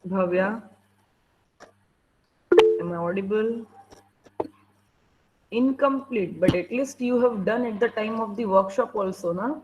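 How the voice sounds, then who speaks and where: A woman's voice: medium pitch, slow, long pauses, noisy background. A woman teacher with an Indian English accent running an online class over a video call, strict and impatient as she prods students to answer.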